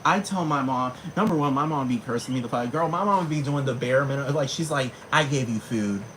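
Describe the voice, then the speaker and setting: A man's voice: medium pitch, fast talker, a bit bright, slight background noise, low-quality recording. A man ranting casually to camera, slangy and profane, with sudden dramatic jumps in his voice. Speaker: vlogger.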